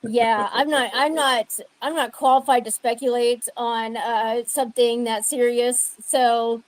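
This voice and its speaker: A woman with a high voice speaks with dry sarcasm in casual commentary, mock-congratulating as she goes. The sound is close and dry, without room echo. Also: steady tone, measured pace.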